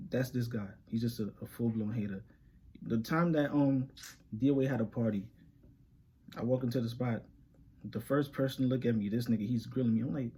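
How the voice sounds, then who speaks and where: Young New guy, husky mid-pitched voice, animated slangy storyteller for a vlog. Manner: animated, laughs often, slangy street talk. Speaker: reaction channel host. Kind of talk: casual storytelling to camera.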